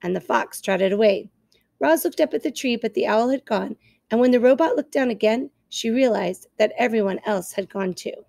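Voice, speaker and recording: Expressive woman teacher reading aloud. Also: fairly high pitch, normal speed, creaky, dry recording, studio quality. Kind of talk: reading a children's novel aloud.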